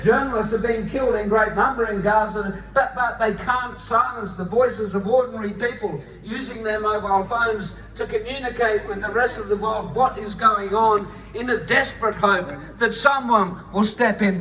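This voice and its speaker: Man, priest, high voice, impassioned rally speech, preaching tone, echoey outdoor sound. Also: fairly bright tone, distant mic.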